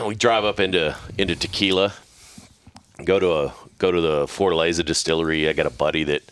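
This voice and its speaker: A man's voice: low-pitched, steady tone, moderate pace, a bit bright. A man co-hosting a podcast, telling rambling, profanity-laced anecdotes in casual chat.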